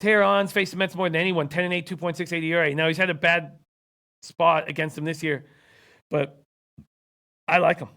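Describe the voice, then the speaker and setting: High-pitched man losing his voice. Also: little pitch movement, fairly quick, bright, forceful tone. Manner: reads viewer comments, rattles off stats. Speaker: sports betting show host. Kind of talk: casual sports betting talk.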